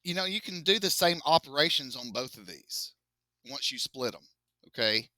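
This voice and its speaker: A man's voice: medium pitch, animated, moderate pace, pushed and bright, dry recording, studio quality. A man teaching a math class, joking with his students as he works through test problems. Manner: casual, joking, talks to students as y'all.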